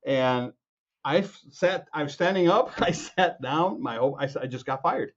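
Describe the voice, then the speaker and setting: A man from Chicago, a composer and guest, telling anecdotes with lively acted-out quotes, many restarts and laughs. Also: on the high side, normal speed, dull audio. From Chicago, USA. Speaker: music producer and film composer, guest. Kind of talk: animated anecdotal storytelling.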